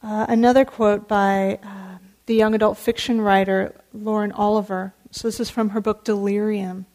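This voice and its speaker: A woman meditation teacher giving a dharma talk in an earnest, warm storytelling manner. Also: mid-range voice, level tone, moderate pace.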